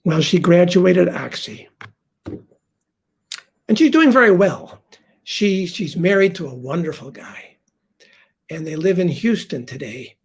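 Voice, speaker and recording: An older man telling a heartfelt first-person story on stage, confiding and dropping to a hush for quoted lines. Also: sits high, expressive, unhurried, vocal fry, long pauses, husky.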